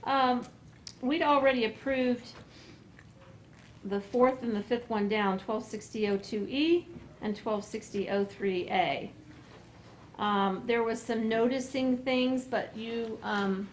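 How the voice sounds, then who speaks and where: A woman's voice: medium pitch, slight background noise, poor audio. Woman methodically walking a commission through rules. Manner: methodical, with frequent pauses and restarts. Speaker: planning staff member presenting to a commission. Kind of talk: explaining code amendments at a public meeting. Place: meeting room.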